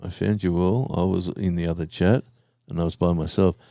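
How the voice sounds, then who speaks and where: A man's voice: low-pitched, fairly even intonation, fairly quick, gravelly, dark tone, no echo, studio quality. An Australian man chatting casually and rambling on a live stream, talking to his viewers in an easygoing way.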